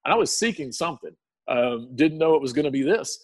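A man shares his personal testimony, choked with tears and searching for words, often restarting his sentences. His voice is slightly husky and sits at an everyday pitch. The sound is close and dry. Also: expressive, dry recording. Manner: earnest, halting, with many restarts. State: tearful. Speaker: guest sharing testimony.

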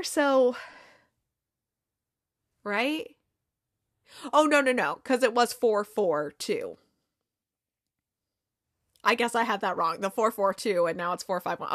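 A woman's voice: a little high, sharp tone, no room sound, clean studio sound. A woman hosting a casual TV recap, retelling scenes with quoted lines and frequent laughs. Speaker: TV recap podcast host.

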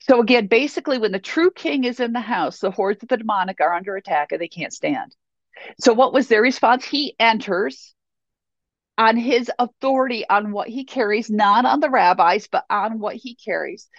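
A woman's voice: fairly high pitch, expressive, normal speed, no room sound. A woman Bible teacher giving a sermon in an emphatic, repetitive way, on a dull, dry recording.

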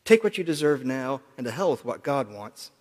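Satan as a smooth, insistent tempter, put on by a male preacher, pushing and coaxing in a louder, higher voice. His words ring out with a long reverb in a large hall. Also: sing-song, normal speed.

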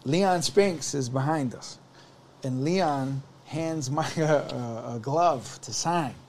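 Speaking slowly at medium pitch, a man on a podcast tells a long, casual story in an animated, rambling way, playing out people's quotes. Slight background noise is audible.

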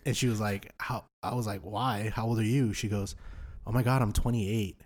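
A young man in his twenties on a podcast, telling a drunk night-out story in animated, slangy chat full of swearing. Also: fairly low pitch, normal speed. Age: 20s. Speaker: podcast host.

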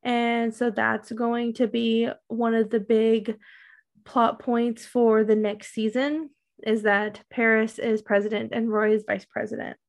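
A woman chatting casually as a podcast co-host, walking through a recap in a rambling way. Her voice sits a little high for a woman, and she leans on "um" and "like" as she goes. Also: level tone, a little slow. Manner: rambling, many fillers and likes. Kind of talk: casual chat recapping a TV show.

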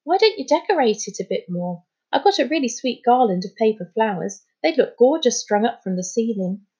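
A woman's voice: fairly high pitch, very animated, a little fast, warm tone, slightly rough, pitched above the performer's own voice. A woman reading aloud as a worried, chatty young girl who gushes and frets. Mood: gushing. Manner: worried, gushing. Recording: slightly muffled recording.

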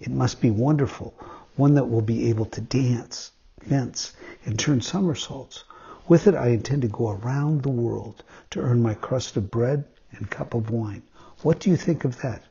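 A man's voice: medium pitch, moderate pace, vocal fry, dark tone, husky. A man reading a storybook aloud, voicing a testy little old male woodcarver in a quarrelsome, pleading way. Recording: dull lo-fi sound.

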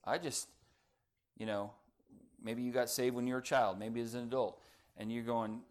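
A middle-aged man, a pastor, preaching a sermon, rising and pressing on key phrases, then dropping into quiet, chatty storytelling. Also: medium pitch, steady tone, normal speed, pauses often.

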